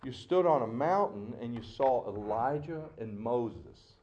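A middle-aged man preaching a sermon as pastor, with an emotional, dramatic delivery that swings between loud outbursts and hushed asides. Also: mid-range voice, lively intonation, measured pace, dull audio, slight background noise.

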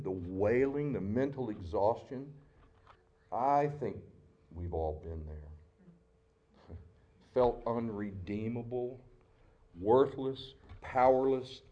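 A middle-aged man preaching a sermon as pastor, with an emotional, dramatic delivery that swings between loud outbursts and hushed asides. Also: medium pitch, a little hiss or hum.

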